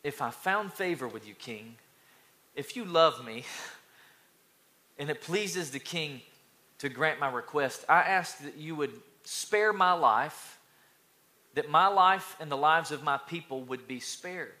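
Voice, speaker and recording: A man voicing a gentle young queen who speaks softly and sweetly to her husband in a sermon retelling. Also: on the high side, lively intonation, slow, heavily acted. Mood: pleading. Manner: soft, sweet, coaxing.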